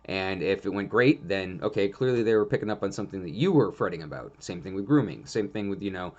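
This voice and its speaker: A man with a fairly low voice talks through dog behavior in a casual, instructional way. He is frank and rambling, circling back with lots of fillers as he explains things from his grooming days. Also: lively intonation, quick pace, lo-fi sound.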